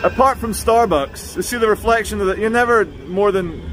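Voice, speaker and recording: A man filming himself as he walks city streets, talking in a sardonic, chatty way. His voice sits a little high for a man. Soft traffic hums behind him, caught by the camera's own mic. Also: brisk. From England. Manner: chatty, sardonic, mocking asides. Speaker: street vlogger. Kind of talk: walking vlog commentary. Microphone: handheld camera mic while walking.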